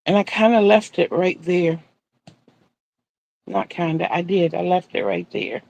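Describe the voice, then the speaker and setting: A woman's voice: lowish voice, steady tone, unhurried, gravelly, a little mellow, dull audio. An older woman chatting casually on a live stream as she crochets, rambling and repeating herself.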